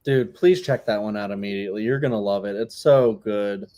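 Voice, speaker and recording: A man's voice: on the low side, brisk, warm tone. A man co-hosting a casual podcast chat, talking in a rambling way full of filler words. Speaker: podcast co-host.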